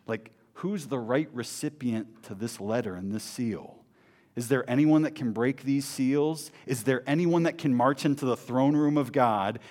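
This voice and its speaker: A man preaching a sermon, swinging between emphatic proclamation and hushed, low intensity, with chatty asides and repeated words. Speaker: pastor.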